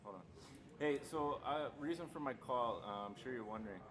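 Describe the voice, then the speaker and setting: A male car salesman practicing a phone pitch in a training session, hesitant and full of fillers. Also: fairly quick, a crowd in the background. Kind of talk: sales training role-play. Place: car dealership.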